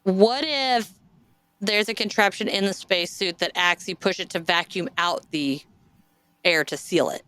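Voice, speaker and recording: A woman's voice: medium pitch, unhurried, a bit bright, clean tone. A woman hosting a podcast, chatting casually and reading listener stories aloud with jokey asides. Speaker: podcast host.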